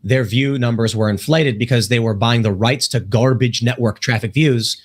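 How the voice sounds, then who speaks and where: A man hosting a talk show. He reads out viewer messages and tells stories in an animated way, acting out the lines of the people in them. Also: medium pitch, moderate pace. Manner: animated storyteller who acts out quoted lines. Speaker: host reading super chats. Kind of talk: podcast conversation.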